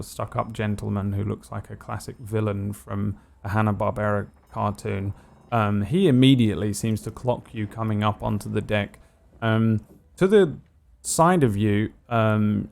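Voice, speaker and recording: A man's voice: on the low side, darkish tone. A man narrating a tabletop game as game master, describing the scenes with many fillers. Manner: descriptive, hesitant, full of fillers.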